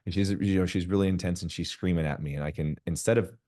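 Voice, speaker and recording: A man's voice: deep voice, quick pace, dark tone. A man, a podcast guest, talking frankly in casual conversation, swearing freely and acting out quoted dialogue in other voices.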